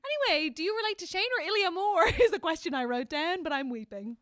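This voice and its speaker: A woman co-hosting a casual comedy podcast, talking with animated emotion. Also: extremely high pitch, fast talker, dry recording, clean studio sound. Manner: animated, emotional, acts out characters' lines. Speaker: podcast co-host.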